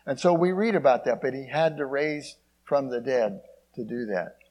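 A man preaching a sermon. He reads scripture in old King James wording, asks the congregation "Amen?", and swings between emphatic peaks and quiet low passages. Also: moderate pace.

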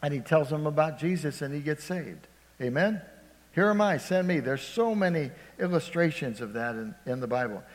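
A man preaching a sermon as pastor, calling out "Amen?" to the congregation and swinging between loud emphasis and hushed storytelling. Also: on the high side, expressive, normal speed. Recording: long hall reverb.

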